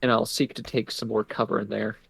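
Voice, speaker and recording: A man playing a tabletop game, speaking deliberately as he plans his character's moves. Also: on the low side, flat delivery, creaky, a bit bright, slightly rough. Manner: deliberate, methodical planning of moves. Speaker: player.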